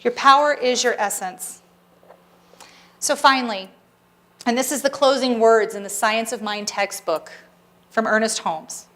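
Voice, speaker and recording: High-voiced woman giving an upbeat sermon. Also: a little slow, pauses often, pushed and bright. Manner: earnest and encouraging, with playful asides to the congregation. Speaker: spiritual practitioner giving the Sunday talk. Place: church service hall.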